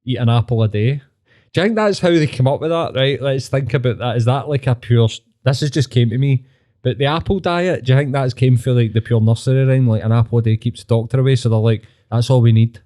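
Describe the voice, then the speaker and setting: A man with a broad Glaswegian accent chatting on a podcast, swearing freely and slipping into put-on voices as he tells stories. His voice sits mellow and relaxed in tone. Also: mid-range voice, quick pace. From Scotland. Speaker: podcast host. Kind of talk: casual chat.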